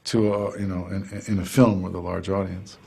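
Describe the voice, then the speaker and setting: A man, an actor, talking in a reflective, halting way in an interview. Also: low voice, flat delivery, vocal fry, warm tone, slight background noise.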